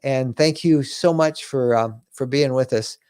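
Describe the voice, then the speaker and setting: A man's voice: medium pitch, a little slow, darkish tone, clear, resonant tone, dry recording, studio quality. A middle-aged man hosting a live RV question-and-answer stream, chatty and upbeat, thanking viewers by name. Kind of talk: casual live-stream chat.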